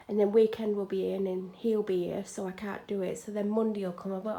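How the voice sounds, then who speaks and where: Gravelly-voiced woman vlogging. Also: mid-range voice, steady tone, fast talker, hardly any pauses. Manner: chatty, frank, drops into soft whispered asides. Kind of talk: casual home vlog chat. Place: room at home being decorated.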